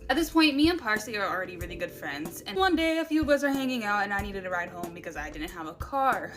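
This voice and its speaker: A woman telling a casual get-ready-with-me storytime, conversational and swearing at times. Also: mid-range voice. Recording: music playing behind.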